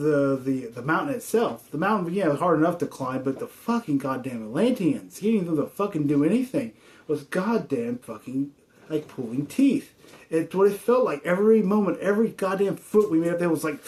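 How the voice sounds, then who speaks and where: A man's voice: high-pitched, a little mellow. A man giving a frustrated, rambling spiritual monologue full of swearing.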